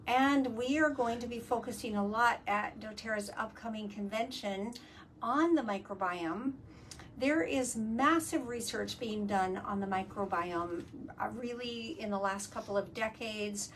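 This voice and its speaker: Enthusiastic higher-voiced woman host. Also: a bit bright. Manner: enthusiastic, explanatory, many fillers. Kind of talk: casual live video chat. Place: work studio. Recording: distant mic, faint ambient noise.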